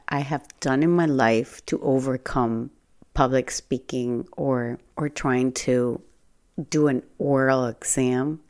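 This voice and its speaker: A woman's voice: very deep voice, vocal fry, darkish tone. A woman giving an earnest motivational talk, telling a personal story in a conversational way and stressing points by repeating herself. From Spanish-speaking. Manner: earnest, conversational, with restarts and emphatic repetition. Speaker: personal branding speaker.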